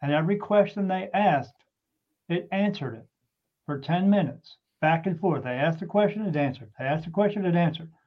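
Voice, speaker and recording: A man casually telling a personal story in an animated way, swearing freely and often restarting his sentences. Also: high voice, moderate pace. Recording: dull lo-fi recording.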